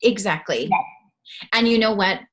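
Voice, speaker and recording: A woman guest talking excitedly in a casual interview, laughing often. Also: medium pitch, measured pace.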